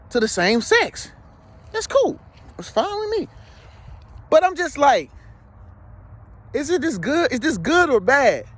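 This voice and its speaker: A man speaking to viewers in a casual, rambling monologue. He is emphatic and slangy, and keeps checking in with his listener. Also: high-pitched. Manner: slangy, streetwise. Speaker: spiritual vlogger.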